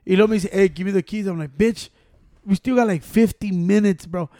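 Quick, high-voiced man. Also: warm tone, dry recording, clean studio sound. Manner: fast, teasing, code-switching. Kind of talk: casual chat.

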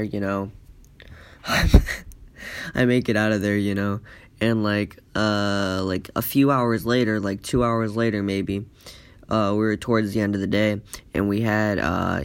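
A man's voice: fairly low pitch, creaky, no echo. A man telling a casual, profane story in rambling speech full of "like" fillers.

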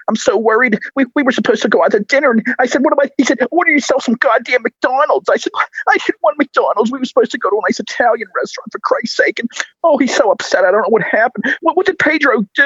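A man voicing a fretful, whiny male assistant who stammers and repeats words, with a husky voice, as a caller. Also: very high voice, fairly bright tone, no room sound, lo-fi sound, exaggerated voice.

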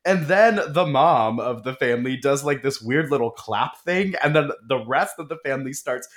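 A man in a mid-pitched voice co-hosts a podcast and retells a movie scene by scene. His talk is casual and animated, laced with profanity and laughter, and he acts out the characters' lines as he goes. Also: moderate pace. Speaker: podcast co-host. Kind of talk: casual movie recap chat.

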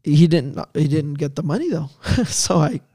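A man, a missionary pastor, excitedly telling a personal story in quick bursts. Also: on the high side, dry recording, studio quality.

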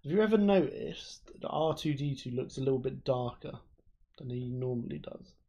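A man's voice: mid-range voice, expressive, normal speed, dark tone. Chatty man explaining at length. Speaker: podcast co-host. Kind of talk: casual chat.

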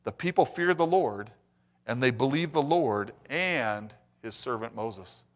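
A middle-aged man preaching a sermon in church, reading scripture and turning to the congregation with lively asides. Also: medium pitch, measured pace. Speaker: pastor.

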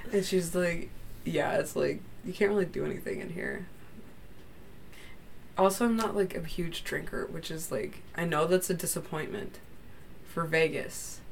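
A woman's voice: on the low side, normal speed, gravelly, slight background noise. A woman in her twenties telling travel stories in a casual, chatty podcast conversation, often trailing off mid-sentence. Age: 20s. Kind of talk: casual chat.

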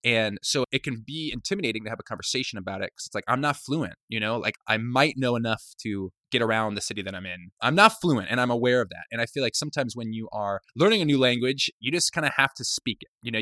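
Guy hosting a podcast, earnest and kinda searching, lots of "sort of" and "you know", bright voice, dry sound. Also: mid-range voice, no room sound. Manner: earnest, searching, with frequent hedges and fillers. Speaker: podcast host. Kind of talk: reflective podcast talk.

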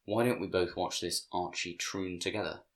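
Casual: dude reading as the devil, quiet silky and gleeful, super low voice. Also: male voice, fairly even intonation, moderate pace. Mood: silky menace. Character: the devil, suave, gleeful and menacing.

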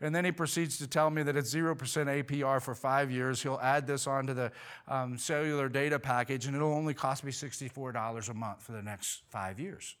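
A pastor preaching a sermon tells a story in an animated way, a little fast and with a smooth voice. His voice rises when he quotes himself and drops low and quiet on the serious points.

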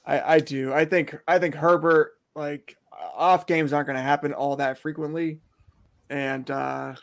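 A man with a voice a little higher than most men's gives his picks in a measured way, full of hedges and restarts. He takes part in casual podcast chat. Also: fairly even intonation, vocal fry, fairly bright tone. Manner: hedging, measured. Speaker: podcast co-host. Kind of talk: casual fantasy football chat.

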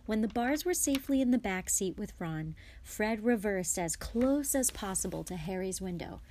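A woman guest reader reading a children's novel aloud, dropping to whispers and rising to shouts for the characters. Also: medium pitch, expressive, normal speed, a little hiss or hum.

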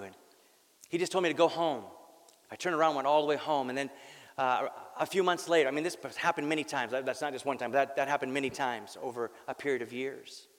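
A man's voice: mid-range voice, fast talker. A man preaching a sermon as a pastor. He tells a personal story earnestly and candidly, repeats words as he goes and drops in wry jokes. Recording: long reverb of a large hall.

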